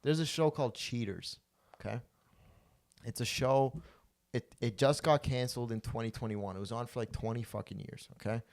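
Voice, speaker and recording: A man hosting a podcast, telling a story in casual chat and loudly acting out the quotes, with plenty of swearing. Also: medium pitch, normal speed. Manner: profane, animated storyteller who acts out quotes loudly. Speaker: podcast host.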